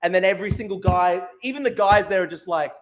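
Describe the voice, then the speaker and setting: A man's voice: sits high, fast, loud music behind the voice. A man in his twenties with an Australian accent, ranting profanely and mock-despairingly as a show host from a small studio. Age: 20s. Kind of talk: comedic rant.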